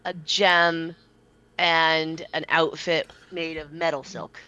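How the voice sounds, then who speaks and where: A woman's voice: sits low, level tone, slow pace, pushed and bright, smooth, dull audio. A woman playing in a tabletop game, chatting casually and bluntly, with the odd swear. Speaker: player.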